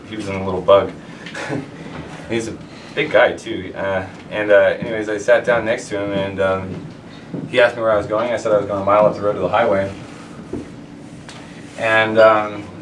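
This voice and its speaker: Rambling man telling a story on a distant, roomy stage. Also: mid-range voice. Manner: rambling, halting, lots of restarts and swearing. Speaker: storyteller at a live show. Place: live venue with an audience. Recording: roomy, distant live recording with noise.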